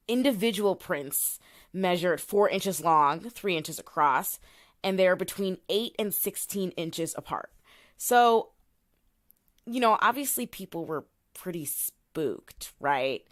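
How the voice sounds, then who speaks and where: A woman, co-hosting a podcast in casual chat, animated and full of fillers, reading quotes from her notes. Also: fairly low pitch, slow pace. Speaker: podcast co-host.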